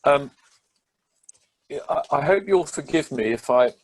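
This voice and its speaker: A man, a barrister, explaining a court judgment in a measured, methodical way with frequent hesitations. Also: fairly high pitch, animated. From England. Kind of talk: legal explainer talk.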